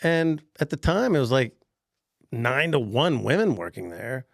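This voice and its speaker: A man on a podcast telling a workplace story in casual chat, animated, laughing often and acting out the people he quotes. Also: medium pitch, a little slow, vocal fry, no room sound, studio quality. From Pennsylvania.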